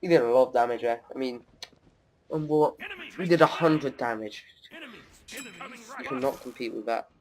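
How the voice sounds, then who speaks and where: A man's voice: medium pitch, expressive, moderate pace, pauses often, darkish tone. A young man, casually commenting on his own gameplay and joking as he plays. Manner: chatty, laughs and taunts while playing.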